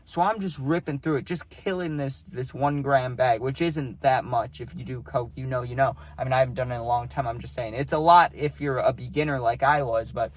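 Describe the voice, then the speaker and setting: A man's voice: mid-range voice, fairly even intonation, fairly quick, few pauses. A young man telling a personal story in a loose, profane, rambling way, full of fillers, recorded close to the mic. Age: young adult. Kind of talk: casual storytelling.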